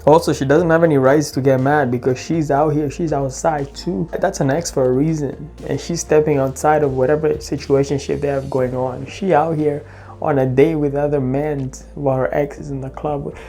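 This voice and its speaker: Homem de voz suave dando conselhos. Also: male voice, fairly high pitch, fairly even intonation, normal speed, warm tone. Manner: emphatic, advice-giving. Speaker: podcast co-host. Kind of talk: casual reaction commentary.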